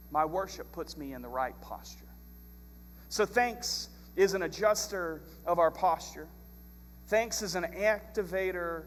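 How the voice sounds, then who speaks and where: A man preaching a sermon as pastor, telling stories in a lively, animated way. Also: high voice, big-room sound, slight background noise. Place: church sanctuary.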